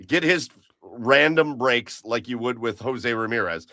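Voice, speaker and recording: A man's voice: mid-range voice, expressive, a little slow, pushed and bright, no echo. A man co-hosting a podcast, chatting casually about baseball in a rambling way, full of restarts. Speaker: podcast co-host. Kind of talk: casual sports chat.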